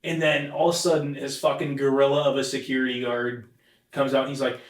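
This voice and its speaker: A man's voice: mid-range voice, flat delivery, a little fast. A young man co-hosting a casual podcast, telling rambling, profanity-laced stories. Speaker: podcast co-host. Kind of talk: casual chat. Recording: echoey room.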